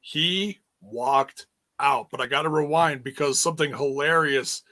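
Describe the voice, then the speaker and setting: A man's voice: a little high, unhurried, pushed and bright. A man co-hosting a casual wrestling review show, laid-back and laughing as he retells moments. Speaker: podcast co-host.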